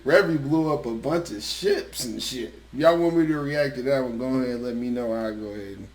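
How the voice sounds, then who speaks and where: A man's voice: mid-range voice, moderate pace, darkish tone. A young man co-hosting and reacting casually, laid-back and slangy, often laughing. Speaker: co-host. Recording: music bed under voice.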